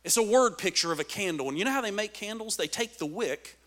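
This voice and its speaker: A man preaching a sermon with dynamic swings between loud emphatic lines and hushed asides. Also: sits high, expressive, quick pace. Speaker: pastor.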